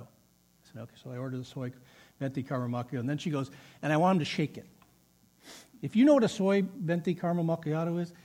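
A middle-aged man preaching a sermon, telling a personal story with animated delivery and laughing at himself. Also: a little high. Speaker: pastor.

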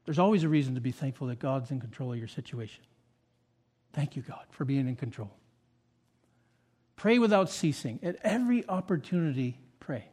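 In this sermon, a pastor whose voice sits on the high side alternates forceful, loud declarations with soft, thoughtful asides.

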